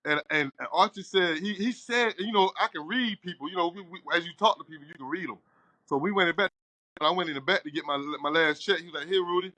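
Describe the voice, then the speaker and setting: A man's voice: high-pitched, fast talker, no room sound. A middle-aged man, a barbershop owner telling a long story and acting out the dialogue as he goes. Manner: animated storyteller, acts out quoted dialogue. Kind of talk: casual storytelling interview.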